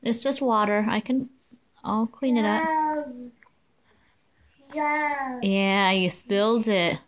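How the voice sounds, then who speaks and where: A woman's voice: on the high side, takes it slowly, crowd noise. A woman filming her children at home on a handheld camera, speaking in cooing, sing-song baby talk. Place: at home, indoors.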